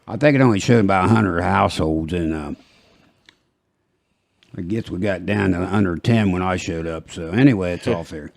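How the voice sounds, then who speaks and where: Speaking at normal speed in a low, creaky, darkish voice, an older small-town American man with a rural twang hosts a podcast. He chats casually, rambles through jokes, and laughs at his own tales, with no room sound on the recording.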